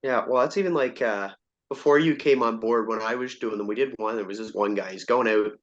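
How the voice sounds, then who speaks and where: A man's voice: fairly low pitch, brisk. Male podcast host, easygoing and rambling, muffled lo-fi recording. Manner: laid-back, rambling, self-deprecating. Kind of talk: casual podcast chat. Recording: dull lo-fi sound.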